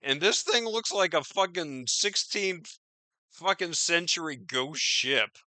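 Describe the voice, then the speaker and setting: Profane, slow-talking male podcast host. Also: fairly high pitch, lively intonation, sharp tone, no echo. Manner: profane, rambling, incredulous. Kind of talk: casual news commentary.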